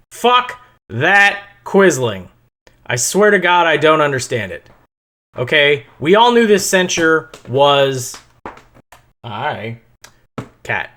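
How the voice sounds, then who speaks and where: A man's voice: on the high side, fairly bright tone. A man hosting a podcast, delivering solo political commentary in a profane, angry rant that he breaks up with mocking put-on voices. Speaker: podcast host.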